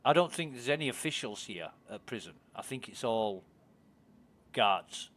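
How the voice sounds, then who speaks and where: A man's voice: medium pitch, animated, normal speed, fairly bright tone. A British man chatting casually while streaming a game, curious and full of questions for his friends. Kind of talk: casual chat while gaming.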